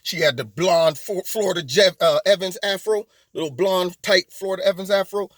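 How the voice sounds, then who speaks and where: A man's voice: high-pitched, normal speed, a bit bright, dry recording. A man hosting a political commentary monologue, mocking and emphatic, with rambling asides. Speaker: host of a political commentary channel.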